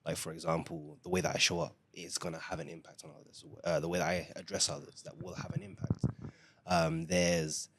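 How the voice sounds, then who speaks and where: A man's voice: low voice, animated, a little fast, a bit bright, a little hiss or hum. A young man from the UK, a family guest on a podcast, speaking in an earnest, reflective way with many fillers. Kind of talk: casual discussion.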